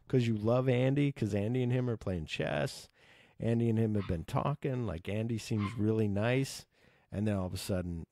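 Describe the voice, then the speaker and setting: A man casually retelling his favorite film scenes, excited and swearing, acting out the characters' lines. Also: on the low side, no echo, studio quality. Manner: enthusiastic, swears, acts out quotes. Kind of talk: casual movie recap.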